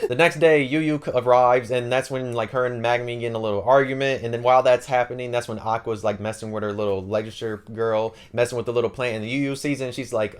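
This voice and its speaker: A man's voice: mid-range voice, steady tone. A man hosting an anime channel, recapping a story in a slangy, offhand way, packed with "like" and "yo". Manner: rapid and slangy, full of "like" and "yo".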